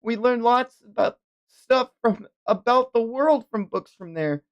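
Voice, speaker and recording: A woman's voice: a little high, a little slow, muffled recording, pitched above the performer's own voice, lightly acted. A woman voicing a brave young schoolgirl, reading the lines earnestly.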